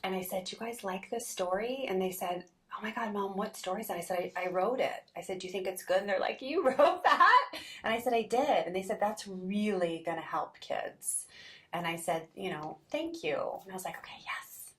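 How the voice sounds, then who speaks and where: A woman's voice: mid-range voice, a little fast. A middle-aged woman who writes children's books, telling personal stories in a casual way and acting out the voices of people she quotes. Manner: animated, acts out quoted voices. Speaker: children's book author. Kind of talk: casual storytelling.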